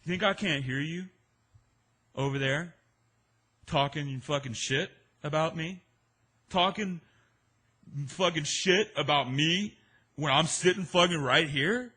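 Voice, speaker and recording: A man's voice: a little high, very animated, a little slow, pushed and bright, breathy edge, voice pushed up, full character voice. A man voicing a belligerent, drunk, macho young man who curses and threatens. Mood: hostile. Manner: aggressive, threatening, cursing.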